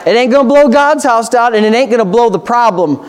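A man's voice: very high-pitched, expressive, brisk. A man, a pastor, preaching a sermon with passionate, repetitive emphasis.

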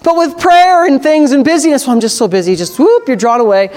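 High-voiced preacher, rising to excited. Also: male voice. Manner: swings from slow scripture reading to loud excited preaching. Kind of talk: sermon.

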